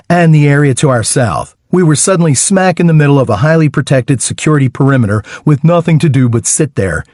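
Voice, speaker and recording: A man narrating a first-person audiobook in a wry, lively storytelling manner with dry humor. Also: fairly high pitch, no room sound.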